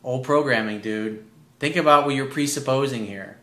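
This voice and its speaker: A man's voice: medium pitch, moderate pace, fairly bright tone. A man giving blunt, profane dating advice while reading out a listener's letter. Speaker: dating coach. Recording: roomy echo.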